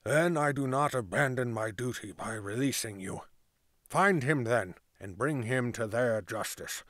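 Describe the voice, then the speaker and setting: A man's voice: mid-range voice, a little slow, a bit bright, no room sound, studio quality, close to an everyday voice. A man reading as a grave, stern town constable. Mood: hushed. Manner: grave, formal, clipped orders. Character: stern male town constable, secretly helpful.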